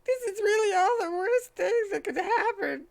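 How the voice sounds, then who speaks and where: A man's voice: extremely high pitch, expressive, moderate pace, gravelly, pitched above the performer's own voice, heavily acted. A man doing a blubbering little echidna kid. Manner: whiny, blubbering. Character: small crying echidna child. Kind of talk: comedic dramatic reading.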